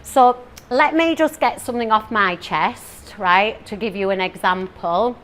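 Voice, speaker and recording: A woman's voice: mid-range voice, a little slow, fairly bright tone. A woman in her forties from northern England giving a comic motivational talk to a live audience, playful and chatty, teasing the crowd with questions and asides. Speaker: motivational speaker.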